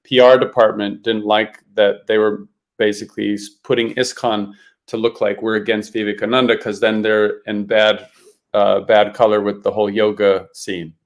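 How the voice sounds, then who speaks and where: Podcast co-host, male, lowish voice, reflective and hedging. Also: level tone, normal speed. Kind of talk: casual chat.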